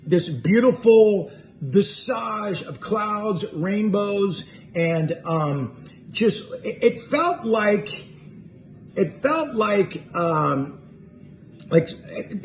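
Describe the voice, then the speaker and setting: A man with a notably high voice spins a casual anecdote about himself. He rambles and restarts, laughing at his own expense, in a loose monologue. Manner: rambling, self-mocking, full of fillers. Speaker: musician telling a tour story.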